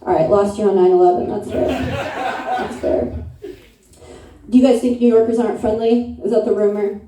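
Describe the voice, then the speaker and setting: A woman's voice: fairly high pitch, fairly even intonation, moderate pace. Brash woman doing crude stand-up. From upstate New York. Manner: brash, crude, self-mocking, chatting with the crowd. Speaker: stand-up comedian. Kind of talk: stand-up comedy set. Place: comedy club stage. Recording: echoey room, mic from a distance.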